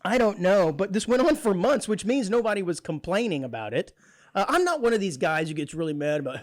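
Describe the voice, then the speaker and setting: Joking, lively-voiced radio host. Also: male voice, high voice, a little fast, no room sound. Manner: jokey, laughs often, animated and chatty. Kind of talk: casual radio banter. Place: radio studio.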